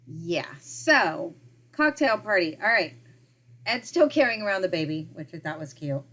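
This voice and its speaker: A woman's voice: on the low side, big pitch swings, moderate pace, bright, forceful tone. A woman in her thirties, co-hosting a casual chat, recapping a show with lots of "like" and laughs. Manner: chatty, recapping with frequent "like" and laughs. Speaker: podcast co-host.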